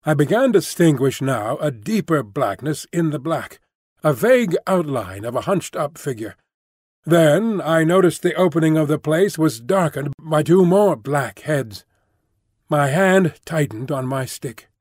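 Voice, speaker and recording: A man's voice: on the high side, lively intonation, darkish tone, no echo. Man narrating an audiobook, dry close sound. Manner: measured, descriptive reading. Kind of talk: scripted narration.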